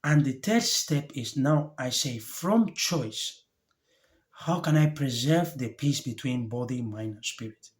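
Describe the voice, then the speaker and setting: A male life coach talks straight to camera in a reflective motivational monologue, his voice at an ordinary middle pitch. He speaks earnestly and gently, in short halting phrases with pauses between thoughts, openly moved and heartfelt.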